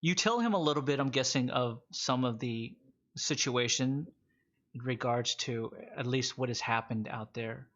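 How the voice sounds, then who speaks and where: A man's voice: mid-range voice, moderate pace, fairly bright tone. Man narrating a tabletop game, lo-fi sound. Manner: loose, chatty narration with fillers. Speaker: game master. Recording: dull lo-fi audio.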